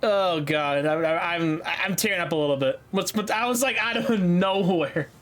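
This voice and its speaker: A man's voice: sits high, normal speed, a bit bright. Chatty man streaming a game. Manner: chatty, rambling, swears freely, laughs easily. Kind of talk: casual gaming livestream commentary.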